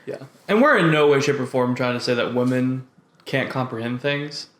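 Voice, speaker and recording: A man co-hosting a podcast in casual chat, reacting with laid-back slang, often low and quiet. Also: a little fast, roomy sound. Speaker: podcast co-host.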